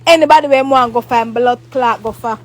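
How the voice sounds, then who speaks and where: A vlogger with a Jamaican accent launches into a rambling, heated storytime rant, repeating herself, swearing a lot and slipping into mock prayer. Her voice is a little high and she talks fast.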